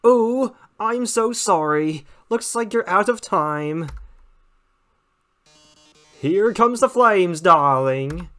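Man reads flamboyant robot showman, slow, sing-song, melodramatic, game tune underneath. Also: high voice, animated, fairly bright tone, faint music behind, pitched above the performer's own voice, exaggerated voice. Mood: theatrical. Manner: theatrical, drawn-out, mock-tragic.

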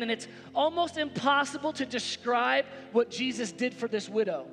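A man preaching a sermon as pastor, emphatic and repetitive, building to exclamations. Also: very high voice. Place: church sanctuary. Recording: reverberant church hall with background music.

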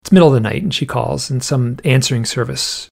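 A man with a mid-range voice and vocal fry talks fairly quickly as an interview guest. He tells a story in a casual, rambling way, scattering "like" asides throughout and acting out the voices of the people in it.

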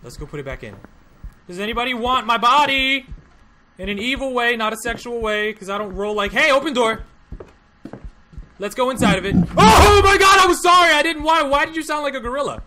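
A man doing a let's play commentary on a horror game, jumpy, loud and joking as he shouts at what happens on screen. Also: extremely high pitch, expressive, brisk, long pauses, noisy background. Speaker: gaming video host.

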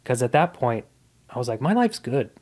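A man's voice: medium pitch, very animated, normal speed, a little mellow. A man in his thirties, a comedian guest on a podcast, telling his life story in a casual, earnest and reflective way.

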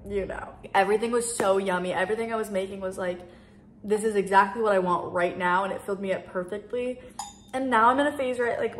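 A woman's voice: mid-range voice, slight background noise. A young woman chatting casually to her vlog viewers from her apartment, rambling with lots of "like". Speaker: vlogger. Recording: roomy echo.

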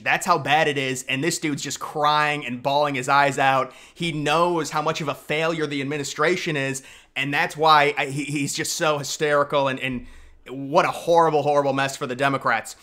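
A man's voice: a little high, steady tone, normal speed, bright, forceful tone. A young man giving opinionated political commentary, emphatic and sarcastic, with frequent restarts.

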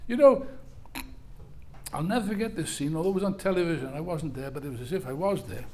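An older man delivers a fiery political speech at a rally. His voice sits high for a man, and he drives his points home by repeating key words with force. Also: fast, long pauses, a little mellow. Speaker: rally speaker.

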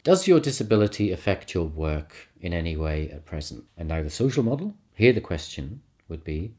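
Deep-voiced male lecturer, conversational. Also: a little mellow. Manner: conversational, with asides and short laughs. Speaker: university lecturer. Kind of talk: recorded lecture.

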